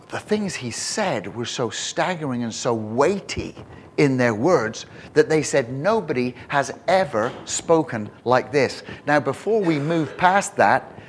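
A man preaching a sermon in an animated way, often repeating and restarting words as he builds to emphatic questions. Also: mid-range voice, a little hiss or hum.

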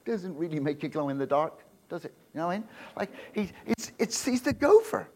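A male preacher giving an animated, jokey sermon, often laughing and checking in with the crowd with quick rhetorical questions. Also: high-pitched. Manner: animated, asks the crowd frequent "right?" questions.

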